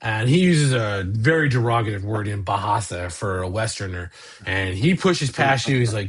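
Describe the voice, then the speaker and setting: A man's voice: on the low side, expressive, moderate pace, slightly rough. A man narrating as game master of a tabletop game, laying out scenes in a loose, rambling flow.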